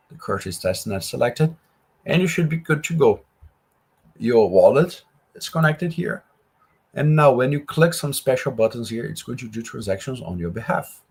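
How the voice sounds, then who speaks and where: A man's voice: lowish voice, husky. A man teaching a live coding workshop, explaining each step in a conversational way with asides. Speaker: workshop instructor.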